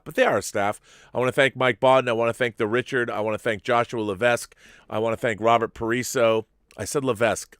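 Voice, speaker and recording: A man hosts a casual live-stream chat in a loose, rambling way, cutting himself off and restarting. He sounds a little giddy and loopy, with a middle-pitched voice. The sound is dry and close. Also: dry recording. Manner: rambling and animated, self-interrupting. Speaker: show host.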